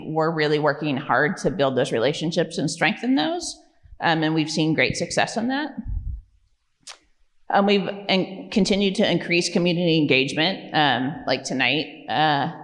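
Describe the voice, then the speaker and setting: A woman directing a program, giving an informal, conversational presentation at a community meeting, with frequent ums and tag questions. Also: sits low. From California. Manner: conversational, many fillers like "um" and "right?". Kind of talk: informal presentation to a public audience. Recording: long reverb of a meeting hall.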